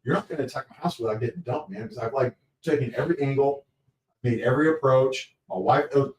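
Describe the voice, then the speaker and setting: A man telling lively stories on a podcast recorded live at an event, laughing often and acting out what people said. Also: mid-range voice, fast, recorded from a distance. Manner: energetic, laughs often, acts out quotes. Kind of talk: animated storytelling. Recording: echoey, off-mic at a live show.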